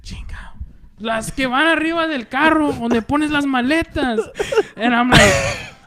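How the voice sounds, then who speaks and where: A man with a high voice tells stories in a loose podcast chat. He laughs through his anecdotes and acts out the people he quotes, swearing freely. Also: a little slow, bright, forceful tone. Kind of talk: casual chat, storytelling.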